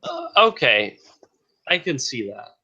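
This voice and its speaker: A man's voice: a little high, wildly swooping pitch, slow pace, sharp tone, slightly rough, muffled recording. A man co-hosting a casual podcast, rambling with many restarts and fillers. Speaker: podcast co-host.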